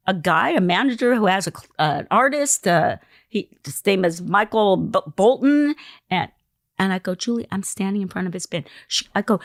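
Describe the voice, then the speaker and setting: A woman telling an anecdote in an interview, animated, acting out the lines she quotes. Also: mid-range voice, normal speed, dry recording, clean studio sound. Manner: animated storyteller who acts out quoted lines. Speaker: interview guest.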